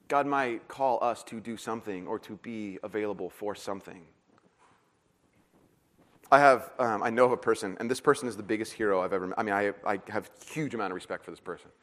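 A middle-aged man preaching a sermon, a pastor telling self-deprecating stories and acting out the voices in them. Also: a little high. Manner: storytelling, self-deprecating, animated retelling with acted-out voices. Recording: long hall reverb.

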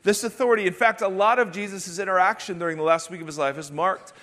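A man's voice: high voice, fairly even intonation, fast, fairly bright tone. A man in his thirties, a pastor preaching a sermon and dropping wry, self-deprecating jokes between Bible passages. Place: church auditorium. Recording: reverberant church hall.

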